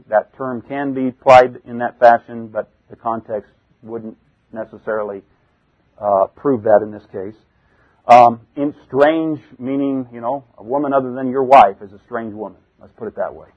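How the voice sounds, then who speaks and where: Guy teaching the bible verse by verse, kinda husky, muffled old radio sound. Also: mid-range voice, fairly even intonation, moderate pace. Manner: reads verses aloud then explains, with self-corrections and asides.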